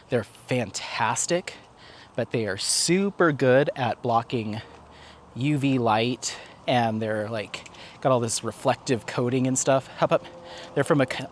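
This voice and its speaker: A man hosting a casual vlog outdoors at a park, chatty and animated, laughing often as he talks. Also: medium pitch, slight background noise. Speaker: vlog host. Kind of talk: casual walk-and-talk vlog chat.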